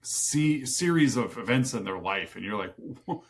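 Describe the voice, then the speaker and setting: A man's voice: fairly low pitch, lively intonation, moderate pace. A man co-hosting a casual movie review podcast, easygoing and cracking dry jokes. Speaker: podcast co-host.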